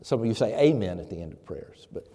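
Mellow-voiced man preaching a sermon. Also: on the low side, animated, quick pace, in a large hall. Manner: conversational, frequent "um" fillers and restarts. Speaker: pastor.

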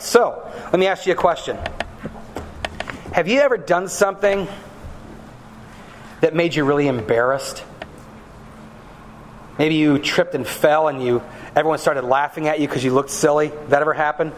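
Male pastor, earnest and measured, slightly high voice, faint room hum. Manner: earnest, measured preaching, gentle with children. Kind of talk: sermon with scripture reading and children's talk.

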